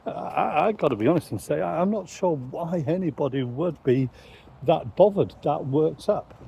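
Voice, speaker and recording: A man, a Christian commentator, giving measured, reflective commentary on current events. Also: on the high side, expressive, creaky, dark tone, breathy edge, poor audio.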